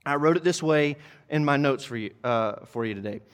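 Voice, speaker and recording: A man preaching a sermon as pastor, driving points home with repetition and climbing into loud, urgent exhortation. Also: mid-range voice, normal speed, smooth. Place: church sanctuary.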